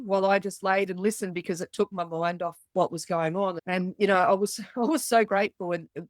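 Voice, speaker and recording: As a guest on a podcast, a middle-aged woman with an Australian accent recounts her story with blunt candor, cursing freely and acting out others' voices. She speaks in a lowish voice, recorded with no echo.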